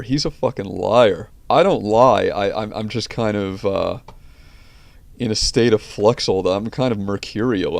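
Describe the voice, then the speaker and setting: A man's voice: on the low side, creaky, darkish tone, no echo. A man hosting a video reaction chat, blunt and ranting, swearing often as he talks. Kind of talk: casual profane chat.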